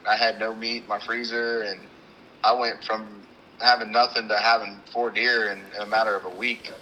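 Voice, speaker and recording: A man, co-hosting a hunting show, telling an animated story with acted-out quotes and sounds. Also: lowish voice, normal speed, over a noisy crowd, rough recording. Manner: animated, acts out the scene with quoted lines and sound imitations. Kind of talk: casual storytelling chat.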